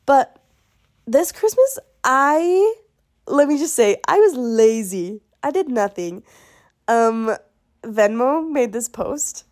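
A woman's voice: high voice, animated, slow pace, a little mellow. A bubbly young woman hosts her own podcast, chatting alone to her listeners. Her talk is casual and self-mocking, and she jokes at her own expense as she goes. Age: young adult. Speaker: podcast host. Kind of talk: casual solo podcast chat.

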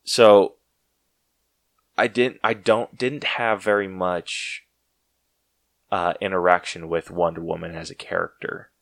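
A man hosting a casual podcast chat, excitable and full of "like" fillers. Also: deep voice, slow pace, long pauses, dry recording. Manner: excitable, heavy use of "like" fillers. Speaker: podcast host.

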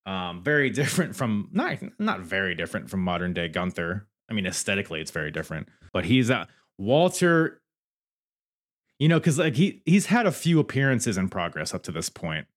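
Animated man reviewing wrestling. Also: sits low, moderate pace. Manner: enthusiastic, chatty, laughs often. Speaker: podcast host. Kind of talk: casual wrestling show review.

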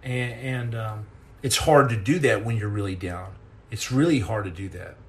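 Earnest man telling a story with restarts. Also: fairly low pitch. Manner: halting, repeats words and restarts often; earnest and intense, acts out quoted lines. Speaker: podcast host and storyteller. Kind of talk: spoken personal storytelling.

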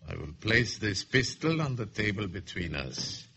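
Sneering bored general, sharp bright tone, old radio villain. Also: male voice, on the low side, sing-song, slight background noise, exaggerated voice. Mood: menacing. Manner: sardonic, contemptuous, measured. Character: bored, cruel middle-aged male general. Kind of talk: 1950s radio drama acting.

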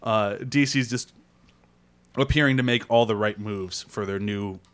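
Guy hosting a podcast, gets fired up fast, laughs a lot. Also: on the low side, smooth. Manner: excitable, swears, laughs often. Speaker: podcast host. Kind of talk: casual podcast chat.

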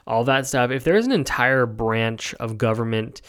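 A man's voice: medium pitch, normal speed, a bit bright, clear, resonant tone. A man hosting a podcast, talking through his opinions in a rambling way, with lots of fillers and a habit of asking "right?". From United States. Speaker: podcast host. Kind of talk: casual opinion monologue.

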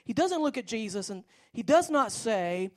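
High-voiced woman preaching a sermon. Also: big pitch swings, normal speed. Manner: rambling, storytelling with many restarts.

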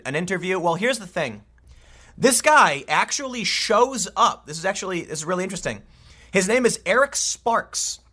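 A man in his thirties giving opinionated news commentary, sarcastic and exasperated, with quick asides. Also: high voice, pushed and bright. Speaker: political commentator.

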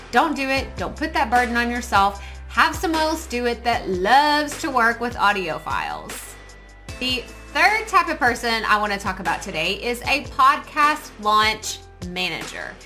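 A woman podcast coach giving casual, upbeat advice to listeners, chatty and quick to poke fun at herself. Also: on the high side, sharp tone. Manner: chatty and upbeat, self-mocking asides.

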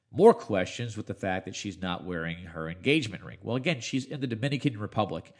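A middle-aged man, a radio host, rambling chattily through a solo podcast while sounding congested from allergies. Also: on the low side. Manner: chatty, rambling, self-interrupting. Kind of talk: casual podcast monologue.

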